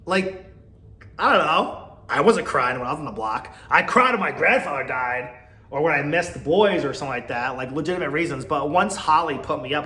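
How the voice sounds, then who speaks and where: A man's voice: a little high, sharp tone, echoey room. A man hosting a podcast, giving blunt, exasperated commentary and laughing often. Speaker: podcast host. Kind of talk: casual opinion commentary.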